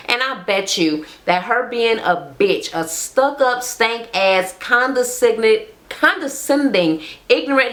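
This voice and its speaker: A woman recapping a reality TV episode as a vlogger, telling it in a blunt, profane, animated way. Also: fairly low pitch. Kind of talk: casual ranting recap.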